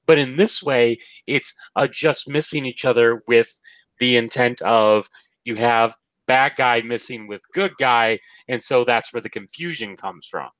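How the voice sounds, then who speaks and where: A man with a bright, forceful voice rambles hesitantly through a casual review discussion. The recording is dry and close, with no room sound. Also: medium pitch, measured pace, no echo, low-quality recording. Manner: rambling, hesitant, many restarts.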